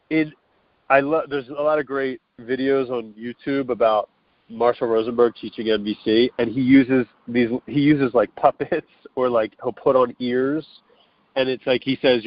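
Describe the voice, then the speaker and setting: A man's voice: mid-range voice, dry recording. A man as an interview guest, explaining earnestly and loosely over the phone, with restarts and acted-out quotes. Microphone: telephone. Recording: dull, dry phone line.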